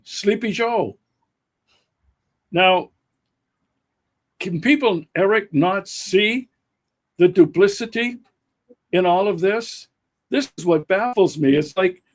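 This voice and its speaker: A man hosting a political talk show, speaking slowly and emphatically with frequent fillers and restarts. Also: fairly high pitch. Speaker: podcast host. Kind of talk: political commentary chat.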